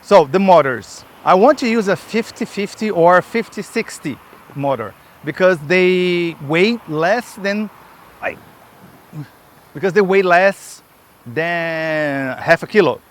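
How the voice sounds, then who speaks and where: This skate builder has a somewhat high voice and skates through a tree-lined park while vlogging casually, panting between rambling, chatty asides. He's animated but takes his time. A camera in his hand or fastened to his body picks up the sound.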